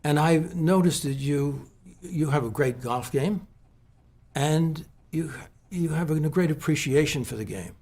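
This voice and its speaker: A man from the West Coast of the US interviewing a guest at a golf club, speaking haltingly with many restarts and fillers. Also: fairly high pitch, darkish tone. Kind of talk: heartfelt conversational tribute.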